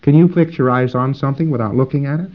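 A man's voice: medium pitch, fast talker, muffled recording. A man giving an instructional lecture, rambling and emphatic, acting out drills as he explains.

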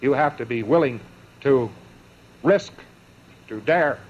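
A man giving a lecture to a live audience, emphatic and sardonic, breaking his points into short phrases with pauses and mocking asides. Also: mid-range voice, muffled recording.

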